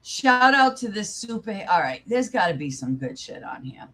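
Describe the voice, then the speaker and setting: A woman's voice: medium pitch, big pitch swings, normal speed, fairly bright tone, breathy edge. A young woman hosting her channel, casually commenting live in an angry, profane, rambling way. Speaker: channel host.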